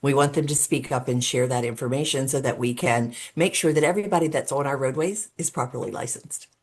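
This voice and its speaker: A middle-aged woman with a notably low, deep voice talks as an interview guest. She lays out her points earnestly and one at a time, often filling pauses with "um". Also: darkish tone. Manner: earnest and explanatory, with frequent um fillers; talks through steps as if laying out a case. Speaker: guest, road safety advocate. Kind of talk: podcast interview conversation.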